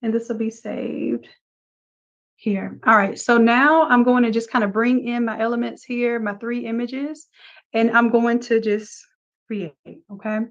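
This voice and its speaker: A chatty woman with a slightly high voice, talking her class through a design tutorial step by step. The sound is dull and lo-fi, like a live stream, and her delivery stays relaxed and conversational. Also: a little slow. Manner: casual, chatty, talks through each step. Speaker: design instructor. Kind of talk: live screen-share tutorial.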